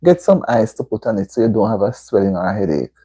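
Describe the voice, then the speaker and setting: A woman's voice: rumbling low, big pitch swings, quick pace, dark tone, breathy edge. A Jamaican woman hosting a casual livestream, chatting with viewers and answering their comments with motherly advice. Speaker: livestream host. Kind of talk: casual live-stream chat. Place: indoor room at home.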